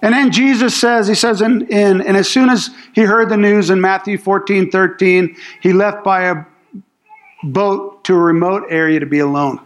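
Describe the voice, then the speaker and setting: High-voiced man preaching casually. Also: steady tone, moderate pace. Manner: casual storytelling with slang; acts out quoted speech in the story. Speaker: pastor. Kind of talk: sermon.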